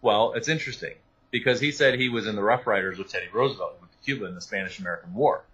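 A man, an author, talking through his research in an animated interview, with many restarts and asides. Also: fairly low pitch, quick pace, husky, muffled recording. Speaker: author and guest. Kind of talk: interview conversation.

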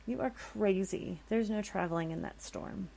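Woman reading as a calm, joking young man. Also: mid-range voice, normal speed, gravelly, slight background noise, lightly acted. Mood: calm teasing.

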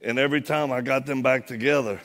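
A man's voice: medium pitch, steady tone, quick pace, fairly bright tone. A man, a former Marine, preaching a sermon in a church, telling a funny story with acted-out dialogue. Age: adult, former Marine. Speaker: guest preacher. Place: church, live audience.

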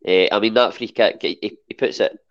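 A man's voice: lowish voice, fairly quick, dull audio. A Scottish man chatting as a podcast guest, hesitant and full of restarts. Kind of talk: casual chat.

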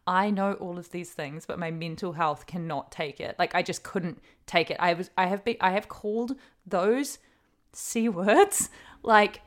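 A woman co-hosts a casual podcast, talking in an expressive, emphatic way full of fillers. Her voice is a little low for a woman. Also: unhurried. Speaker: podcast co-host. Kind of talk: casual chat.

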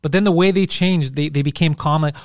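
Fast-talking man with a high-ish voice. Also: dry recording, studio quality. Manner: profane, animated storyteller. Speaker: podcast co-host. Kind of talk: casual comedic chat.

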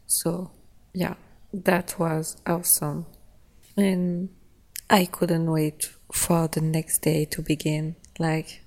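A young woman hosting a podcast, casually recounting a trip in a relaxed, chatty way, often laughing between phrases. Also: sits low, takes it slowly. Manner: loose, simple phrasing with frequent "like" and "yeah". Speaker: podcast host. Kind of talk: casual travel storytelling.

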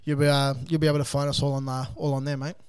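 A man's voice: mid-range voice, flat delivery, racing, a little mellow, clear, resonant tone. An Australian man chatting as a podcast guest in a casual, slangy, laid-back storytelling way. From South Sydney, Australia. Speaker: guest, coffee van owner and podcaster.

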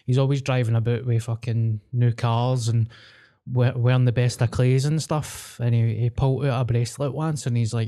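A Glaswegian man in his mid-thirties, co-hosting a podcast in relaxed, foul-mouthed chat. He tells stories about his family and drops into flat, drawling impressions of relatives. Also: medium pitch, brisk. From Scotland. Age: 30s. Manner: sweary storyteller, mimics relatives in a flat drawl. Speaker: podcast co-host.

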